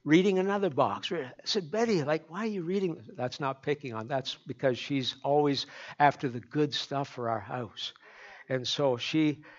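A man's voice: mid-range voice, moderate pace, muffled recording. A man from Canada preaching a folksy sermon, chatty and joking with the congregation. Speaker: pastor.

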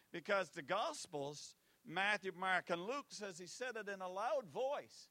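A man preaching with a bright, forceful voice, fairly high for a man. He talks slowly, swinging between booming declarations and hushed asides and repeating phrases for emphasis. The sound is dry and close. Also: dry recording. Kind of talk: sermon.

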